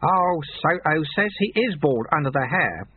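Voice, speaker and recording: A cheerful, amiable little old monk sweeper, as a man puts him on in a storybook reading. His voice sits high and bounces around a lot, unhurried and gently teasing. The sound is thin and tinny, like a phone line. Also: sing-song, a little hiss or hum.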